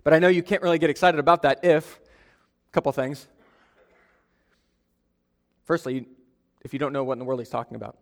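A young man gives a sermon as pastor, his voice sitting a little higher than most men's. He talks in a loose, conversational way, telling stories and poking fun at himself. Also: brisk, long pauses. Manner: conversational storytelling, self-deprecating humor.

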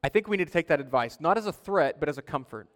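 A male pastor delivers an earnest sermon in a sanctuary with a long, ringing reverb. He rises to loud, pressing exhortation, then drops to a quiet, low plea. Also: animated, fast talker. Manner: earnest, swinging from loud urging to soft low pleading.

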